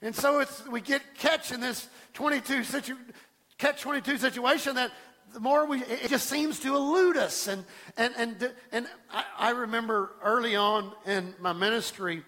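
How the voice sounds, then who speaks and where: A man pastor preaching a sermon in church, animated, stumbling over restarts and acting out the voices of people he quotes. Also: extremely high pitch, moderate pace, in a large hall. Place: church sanctuary.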